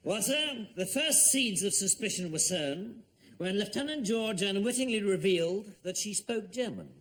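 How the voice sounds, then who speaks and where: An actor playing a sarcastic army captain with dry, deliberate delivery in a TV sitcom. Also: male voice, high voice, animated, fairly bright tone. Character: sardonic English army captain, dry and cutting. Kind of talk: TV sitcom acting.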